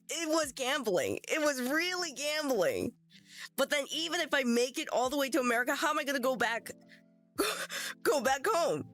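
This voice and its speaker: Woman streamer, high voice, unhurried, dramatic rambling storyteller. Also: a bit bright. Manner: rambling, dramatic, laughs through it. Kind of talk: casual storytelling to chat. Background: faint music.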